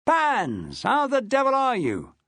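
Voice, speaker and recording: A man voicing a jovial, wry middle-aged schoolteacher in an audiobook, hearty and booming. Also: sing-song, a little slow, dry recording, studio quality.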